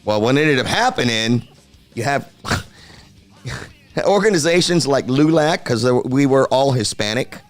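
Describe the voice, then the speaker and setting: A middle-aged man from Texas, a metal singer telling stories in casual podcast chat, animated and acting out the voices of others. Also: mid-range voice, measured pace, long pauses, faint music behind. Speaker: guest, heavy metal singer.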